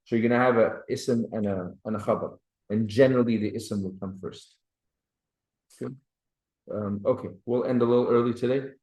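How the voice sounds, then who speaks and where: Teaching grammar in class, a male Arabic teacher speaks briskly in a mid-range, slightly mellow voice with fairly even intonation. He patiently makes sure students keep up, checking with "right?" and "clear?". The sound is roomy and the recording low quality.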